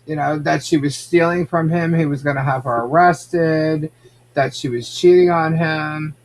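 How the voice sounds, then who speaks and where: A man's voice: a little high, steady tone, measured pace. A man hosting a casual podcast, chatting and reacting to viewer comments. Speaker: podcast host. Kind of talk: casual gossip chat.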